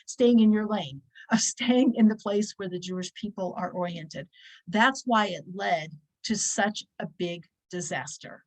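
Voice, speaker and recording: A woman teaches a weekly religious class in a lively, conversational way. Her voice sits in a middle pitch, and she repeats key phrases to drive them home. Now and then she slips into short quoted voices to act out a point. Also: poor audio. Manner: animated, acts out little quoted voices.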